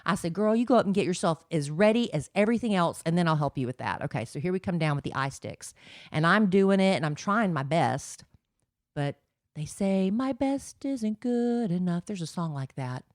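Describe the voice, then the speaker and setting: A woman's voice: on the low side, lively intonation, brisk, dry recording, clean studio sound. A woman in her forties co-hosting a podcast, telling a long story in a chatty way with lots of fillers. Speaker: podcast co-host. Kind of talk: casual chat.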